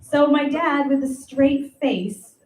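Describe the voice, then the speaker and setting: A woman hosting an open mic and telling a stand-up story, wry and unhurried with pauses. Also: high voice, darkish tone. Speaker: open mic host and comic. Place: small live comedy venue. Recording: roomy live room, distant mic, audience noise. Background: audience laughter and room ambience.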